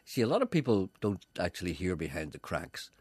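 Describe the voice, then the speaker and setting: A man's voice: low-pitched, sing-song, a little fast, a little mellow, slightly rough, no echo. An older man, a radio presenter chatting and telling stories in a rambling way, often repeating "you see". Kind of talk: casual chat.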